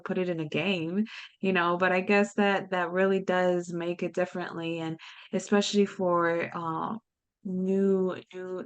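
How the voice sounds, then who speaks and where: A woman with a somewhat low voice hosting a podcast conversation. She thinks out loud in a relaxed, casual way and often uses "you know" and "to be honest.". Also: smooth. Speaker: podcast host. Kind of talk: conversational interview.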